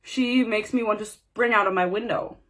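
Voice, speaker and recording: A woman's voice: medium pitch, moderate pace, a bit bright. A young woman giving a casual, sarcastic and profane rant while reviewing a book, sounding exasperated.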